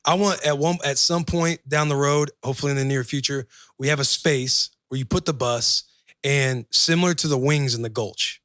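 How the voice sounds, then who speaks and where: A man in his thirties speaks at an ordinary pitch as a podcast guest. He is easygoing and upbeat, telling stories loosely. The recording is dry and close. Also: normal speed, fairly bright tone, no room sound. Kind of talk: casual chat.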